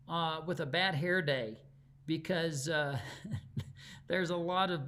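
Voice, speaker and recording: A man's voice: a little high, a bit bright. A man with a Texan accent giving a live online quilting lesson, chatty and folksy as he tells stories between demonstrations. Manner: chatty, folksy storyteller with easy laughs. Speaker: quilting teacher.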